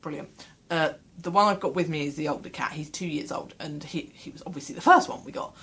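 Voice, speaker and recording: A woman's voice: deep voice, fast, fairly bright tone, breathy edge. A woman in a casual home vlog, chatting in a rambling, self-deprecating way from a small room, speaking into her camera mic. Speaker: vlogger.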